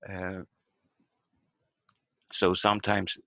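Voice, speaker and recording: A man teaching a language lesson over a video call, explaining step by step with halting fillers. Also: fairly low pitch, creaky, fairly bright tone, no room sound. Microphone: computer mic on a video call. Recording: dull lo-fi video call audio.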